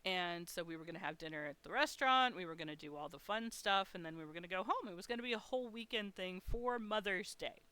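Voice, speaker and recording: A woman's voice: on the low side, lively intonation, quick pace, few pauses, pushed and bright, clean tone. A woman live-streaming her art, telling a story in a chatty, frank way and swearing freely.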